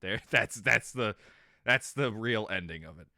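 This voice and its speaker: A man casually chatting on a livestream, animated and laughing, with plenty of swearing. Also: lowish voice, a little slow, no room sound, studio quality. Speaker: streamer.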